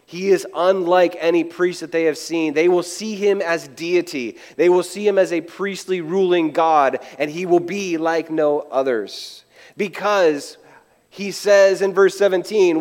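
Male preacher, fairly high voice, casual sermon with acted-out quotes, long hall reverb. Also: takes it slowly. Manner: conversational preaching with acted-out quotes and frequent restarts. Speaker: pastor.

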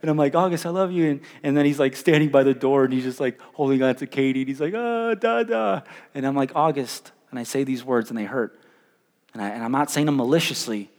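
A young man preaching a sermon as pastor, animated and stumbling over repeated words, swinging between loud and hushed. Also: medium pitch, fast talker. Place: church hall. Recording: live in a reverberant church hall.

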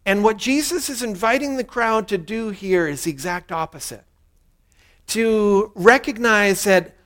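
A man's voice: sits high, a little slow, a bit bright. A man preaching a sermon, earnestly walking through a passage and leading the congregation in a spoken prayer. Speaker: pastor.

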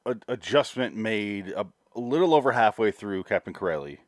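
A man's voice: on the low side, lively intonation, a little fast, no echo, studio quality. A man co-hosting a podcast, talking through films in a laid-back, joking way with some swearing. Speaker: podcast co-host. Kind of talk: casual movie-review chat.

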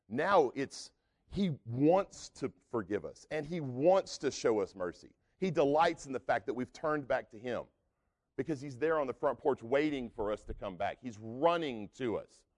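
A man preaching a sermon in a relaxed, folksy, conversational way, often using casual fillers. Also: mid-range voice.

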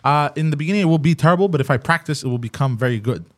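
A man's voice: fairly high pitch, animated, very fast. A man hosting a podcast in a casual chat, joking and laughing often. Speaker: podcast host.

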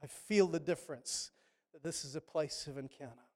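A man's voice: on the high side, moderate pace, a little mellow. A man preaching a sermon, telling stories with passion and frequent restarts. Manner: impassioned, storytelling with many restarts.

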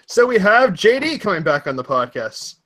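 High, lively podcast host man. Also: normal speed. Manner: upbeat, hyped, bouncy delivery. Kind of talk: casual podcast chat.

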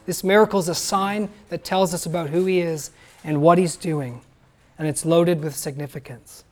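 A man's voice: on the high side, fairly even intonation, normal speed. A man preaching a sermon to his congregation, talking plainly and asking the listeners questions. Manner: conversational, asks the listeners questions. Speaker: pastor.

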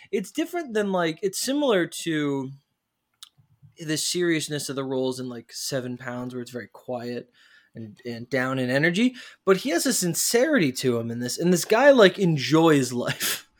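A man hosting a casual movie discussion, rambling with many fillers and restarts. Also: on the high side.

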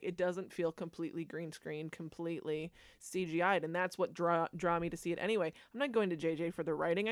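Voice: mid-range voice, no room sound, studio quality. A podcast co-host chatting casually about movies, teasing and easygoing.

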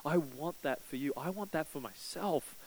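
A man's voice: normal speed, darkish tone, low-quality recording. A man preaching a sermon as pastor, telling a story and acting out the voices in it. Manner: storytelling, acts out quoted prayers with rising pitch.

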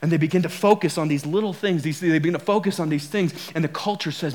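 A man's voice: fairly high pitch, fast, hardly any pauses, darkish tone. A male pastor preaching a sermon, emphatic and repetitive, often asking the congregation questions.

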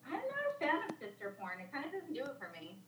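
Young woman, from South Carolina, brash, swearing, playful, fairly high voice. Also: wildly swooping pitch, fast, fairly bright tone, echoey room, slight background noise. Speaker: guest caller. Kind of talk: casual joking chat.

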